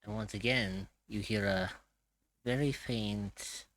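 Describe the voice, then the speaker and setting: A man's voice: fairly low pitch, takes it slowly, fairly bright tone, dry recording, poor audio. A man narrating a tabletop game as its game master, with hesitant fillers.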